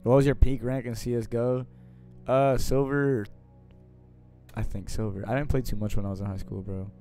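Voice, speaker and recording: A young man streaming live, casually answering viewer questions in slangy, profane talk that swings between mumbled asides and loud bursts. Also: mid-range voice, fairly even intonation, normal speed, soft background music.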